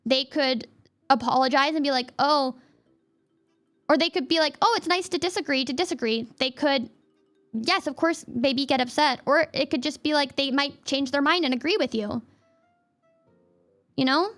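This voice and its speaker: A woman's voice: a little slow, long pauses, a bit bright, faint music behind. A young woman streamer giving a casual, rambling talk about cognitive distortions, full of fillers and restarts. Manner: reads chat and thanks viewers in a high squeal. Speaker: VTuber streamer.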